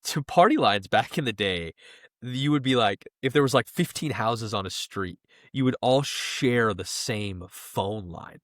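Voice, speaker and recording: A man's voice: medium pitch, animated, a little slow, a bit bright, no room sound, studio quality. A young man co-hosting a podcast, chatting casually and animatedly, often laughing and slipping into quoted voices. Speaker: podcast co-host. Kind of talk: casual chat.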